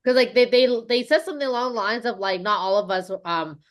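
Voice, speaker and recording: A woman co-hosting a casual fan chat podcast, chatty and quick to agree and chime in. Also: medium pitch. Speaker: podcast co-host.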